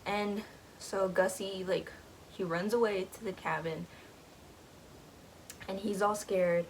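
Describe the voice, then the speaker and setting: A woman's voice: mid-range voice, fairly even intonation, slow pace, a little hiss or hum, poor audio. A young woman casually retelling a book's plot, rambling with lots of fillers and giggles. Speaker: book vlogger.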